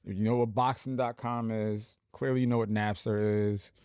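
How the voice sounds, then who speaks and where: A man in his forties from New Jersey tells stories of his radio days as a podcast guest. His voice sits on the low side and the sound is dry and close. He talks in a relaxed way, full of fillers. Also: normal speed, clear, resonant tone, no room sound. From Plainfield, New Jersey. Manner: relaxed storytelling with many fillers. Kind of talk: casual podcast interview.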